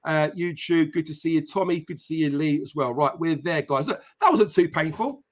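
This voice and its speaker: A man's voice: a little high, fairly quick. A man hosting a live football podcast stream, chatting casually with many fillers and greeting viewers by name. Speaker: podcast host.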